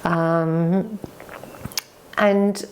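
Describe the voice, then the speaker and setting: A middle-aged English woman co-hosting a vlog, candidly and emotionally retelling a hard experience, halting and choked up at times. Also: fairly low pitch, fairly even intonation, a little hiss or hum. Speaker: vlog co-host. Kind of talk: candid conversation.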